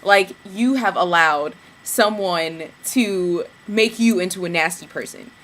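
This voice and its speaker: A young woman from Georgia, telling a story in a casual vlog rant, animated and sassy, slipping into mimicked asides. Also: lowish voice, a little slow. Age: young adult. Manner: animated, mimics people in asides, sassy slang, bursts of cackling laughter. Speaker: vlogger.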